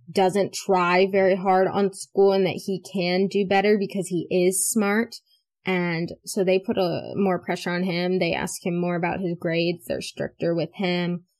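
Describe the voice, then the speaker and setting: A teenage girl hosting a casual podcast, telling stories in an animated, chatty way full of "like" fillers. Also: lowish voice. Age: teens. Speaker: podcast host. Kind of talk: casual chat.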